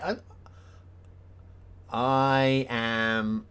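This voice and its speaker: A man's voice: lowish voice, expressive, unhurried. A man chatting casually on a live stream as he reviews game maps, thinking aloud with plenty of ums and restarts and chuckling at himself. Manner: chuckles often, self-deprecating.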